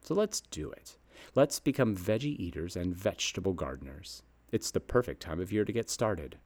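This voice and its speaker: A man's voice: sits low, expressive, a little fast, a little mellow. A man in his fifties, a garden nursery host reading his scripted column aloud in a folksy, upbeat storytelling way.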